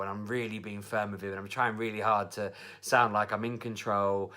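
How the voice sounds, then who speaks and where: A man's voice: on the low side, level tone, fairly quick, pushed and bright. A young man, a father, telling a story in a chatty, rambling way on his vlog. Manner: chatty, rambling with fillers and laughs. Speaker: vlogger, father. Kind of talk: casual storytelling.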